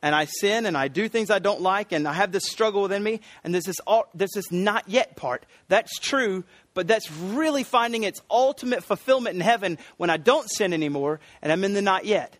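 A man's voice: high-pitched, lively intonation, moderate pace, a bit bright, no room sound. A middle-aged American man preaching a sermon as pastor, earnest, stressing and repeating key words, with frequent ums and restarts. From United States.

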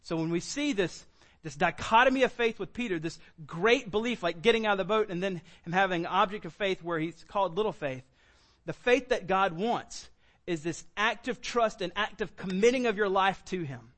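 High-voiced man preaching a sermon. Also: moderate pace, fairly bright tone. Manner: conversational preaching with casual asides; reads scripture aloud. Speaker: pastor.

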